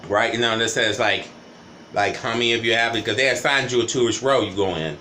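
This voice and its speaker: A man's voice: mid-range voice, brisk, pushed and bright, a little hiss or hum. A man vlogging a rambling, casual storytime monologue, often tagging "right?" and "you know" onto his sentences.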